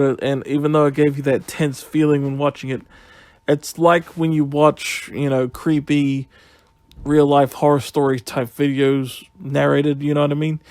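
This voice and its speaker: Excitable man rambling through a recap. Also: medium pitch, no echo. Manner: excitable, rambling, casual storytelling. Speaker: wrestling event reviewer. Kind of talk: casual solo review recap.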